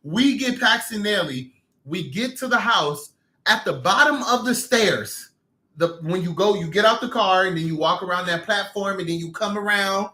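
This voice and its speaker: A man hosting a live casual chat, emotional and quick to tear up while telling stories. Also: high-pitched, bright, forceful tone, reverberant. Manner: emotional, laughing, tearful storytelling. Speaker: livestream host.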